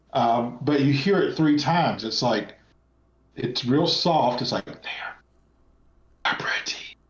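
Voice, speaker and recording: An American man, a guest paranormal investigator, recounting field recordings in rambling casual chat with many restarts. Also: medium pitch. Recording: echoey, dull lo-fi sound.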